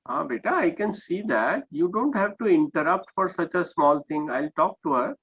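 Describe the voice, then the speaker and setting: A man with an Indian English accent runs an online class, patiently fixing how students speak and often asking "okay?". His voice is slightly high and a little breathy, with lively intonation at a moderate pace. It comes through a video call with dull, lo-fi sound.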